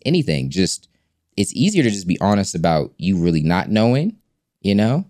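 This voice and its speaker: A man's voice: deep voice, big pitch swings, moderate pace, mellow, no echo, clean studio sound, faint music behind. A man co-hosting a casual chat about his marriage, laid-back and plain-spoken. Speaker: podcast co-host.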